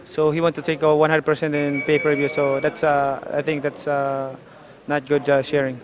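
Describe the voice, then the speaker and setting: A man from the Philippines, a boxer answering interview questions haltingly, with many fillers and restarts. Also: a little high, completely flat delivery.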